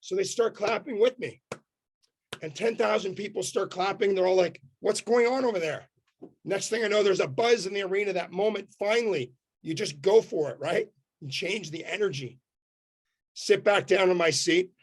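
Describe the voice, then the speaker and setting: High-voiced energetic Canadian man. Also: moderate pace, husky. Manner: punchy short sentences, animated. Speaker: motivational speaker. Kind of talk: energetic storytelling talk.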